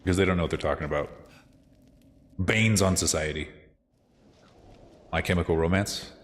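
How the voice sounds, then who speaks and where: In a low voice at a moderate pace, a man gives casual commentary on the video game he's streaming. He's animated, cusses freely, and chats with viewers, all in an echoey room with a long reverb tail.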